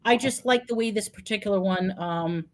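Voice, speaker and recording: A woman hosting a live online chat, talking in an animated, questioning way. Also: mid-range voice, normal speed. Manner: animated, questioning, puts on a cutesy sing-song for props. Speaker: host. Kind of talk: casual live-stream chat.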